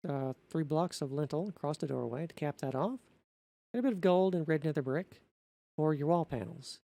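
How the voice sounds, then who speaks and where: In an unscripted voice-over, a man works through a building tutorial methodically, halting and frequently correcting himself. His voice sits on the high side, creaky and dark in tone, with no echo.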